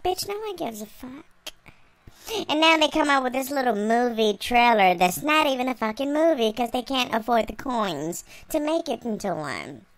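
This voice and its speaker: A woman's voice: on the high side, sing-song, normal speed. A young woman vlogger delivering a sassy, profane, mocking reaction rant, laughing between lines.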